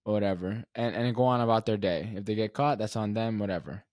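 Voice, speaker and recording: A man's voice: lowish voice, quick pace, a little mellow, dry recording. Guy doing a solo podcast, chatty, keeps asking the listener stuff, dead dry room. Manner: conversational, fillers like "right?" and "um", asks listeners questions. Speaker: podcast host.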